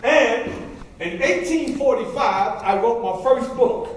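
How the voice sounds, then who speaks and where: At a library event room, a historical reenactor performs a historical figure in first person, telling his life story in a folksy way and quizzing the audience with questions. His voice is extremely high-pitched, slow and lively in intonation. The very echoey room adds faint ambience and slight background noise.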